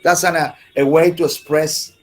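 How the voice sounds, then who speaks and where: A man teaching an English class over a video call, halting and often repeating words as he explains. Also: fairly high pitch, fairly even intonation. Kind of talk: online class lecture.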